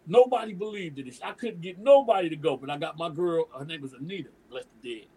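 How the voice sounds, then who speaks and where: Fast-talking and animated, a middle-aged Detroit emcee and DJ holds court as a podcast guest, reeling off a long story in loose street slang laced with profanity. He jumps into character for each person he quotes, his husky, slightly rough voice pitched a bit high for a man. The recording is low quality.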